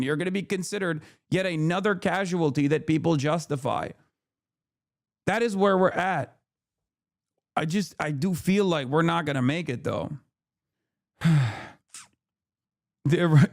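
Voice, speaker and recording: This is a man with a fairly high-pitched voice who is in the middle of a livestream commentary. He rants hotly and swears freely while he answers and argues with his chat. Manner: heated, profane ranting. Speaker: streamer.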